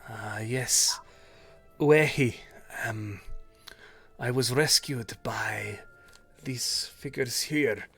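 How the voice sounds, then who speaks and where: A man voicing a hesitant female resistance fighter who talks in halting, stumbling phrases. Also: medium pitch, gravelly, a bit bright, slightly rough, soft background music, heavily acted. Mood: earnest.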